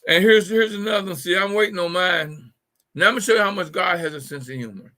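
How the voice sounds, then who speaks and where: A man's voice: high voice, fast, bright, forceful tone. A middle-aged man hosting a live call-in show, telling jokes casually, repeating his punchlines and stumbling over words. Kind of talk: casual humorous talk.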